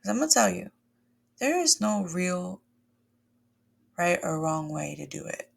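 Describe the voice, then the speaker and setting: A woman's voice: fairly low pitch, sing-song, measured pace, creaky, husky. A woman wellness coach leading a guided breathwork lesson, talking to listeners in an encouraging, conversational way and calling them "my loves" and "y'all".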